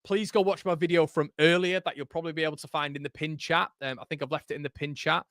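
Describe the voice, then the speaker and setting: Hours into a live football watchalong, this young male host sounds worn out as he chats, reads viewers' comments aloud, and keeps repeating words and starting over. He talks fast in a fairly high, steady, bright and forward voice. The recording is dry and close, with no room sound.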